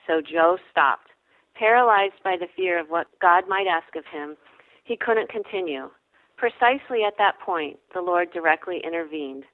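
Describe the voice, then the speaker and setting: A woman narrating a devotional story in a measured storytelling way. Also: lowish voice, lively intonation, no room sound. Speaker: reader. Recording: dry, phone-like sound.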